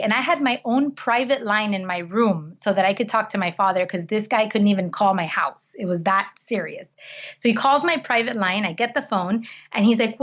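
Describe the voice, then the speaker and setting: A woman's voice: mid-range voice, fairly quick. A woman talks as a podcast guest, sharing personal stories with earnest feeling. She often restarts her sentences as she goes. The recording sounds slightly muffled and lo-fi. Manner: earnest, heartfelt, frequent restarts. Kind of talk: conversational storytelling.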